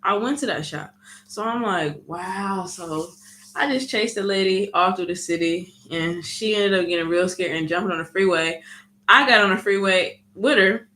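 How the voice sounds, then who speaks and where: Woman vlogger, casual storytime, animated, bright tone, acts out quotes. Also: medium pitch, normal speed, slight background noise. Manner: animated storytelling, frequent "you know what I mean".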